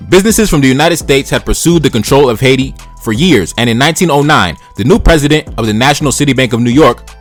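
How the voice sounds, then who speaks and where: Man, history-channel host, rapid delivery, reads then riffs bluntly with slang, faint music underneath. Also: medium pitch, lively intonation. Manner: blunt, profane, slangy asides between read passages. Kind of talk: casual history commentary, reading passages aloud.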